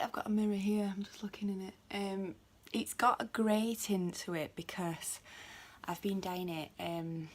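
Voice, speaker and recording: Chatty British woman filming on a phone. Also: mid-range voice. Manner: chatty and rambling, many ums, muttered asides. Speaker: beauty vlogger. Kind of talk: casual home vlog. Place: at home indoors. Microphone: phone camera.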